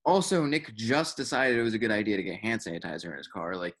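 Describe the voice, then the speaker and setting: A young adult man co-hosts a podcast, chatting casually and rambling with lots of filler words and cursing. His voice sits on the low side, fast and somewhat bright.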